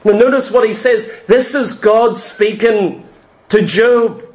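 A man's voice: sits high, slow, a little mellow. A man preaching a sermon, emphatic and full of repeated rhetorical questions.

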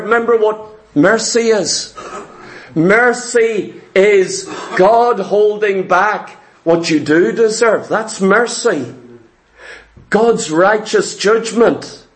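A man's voice: sits high, low-quality recording. A man preaching a sermon, repeating key words and asking the congregation questions.

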